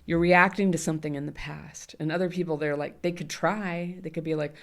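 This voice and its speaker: A woman's voice: low-pitched, steady tone, brisk. A middle-aged woman, a guest in an interview, talking candidly and animatedly, often laughing. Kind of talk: conversational interview.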